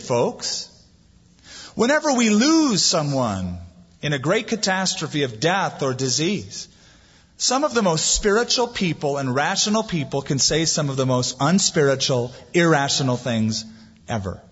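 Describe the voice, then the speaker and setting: A man preaching a sermon, animated as he acts out the voices in the story. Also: fairly high pitch, a little slow, breathy edge. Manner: lively preaching, acting out quoted voices. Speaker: pastor. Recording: dull lo-fi sound, long hall reverb.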